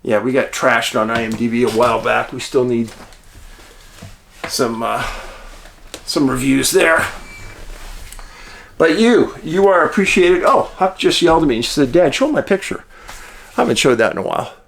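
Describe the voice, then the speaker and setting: A man's voice: mid-range voice, normal speed, creaky, long pauses, fairly bright tone, slight background noise. A man hosting his show, talking in a folksy, chatty way straight to his viewers. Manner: folksy, chatty, addresses listeners as friends. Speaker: show host. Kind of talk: casual monologue.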